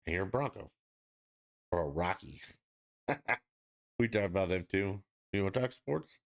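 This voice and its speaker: A man hosting a podcast, ranting bluntly and profanely in casual sports talk. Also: low-pitched. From Denver area, United States. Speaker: podcast host.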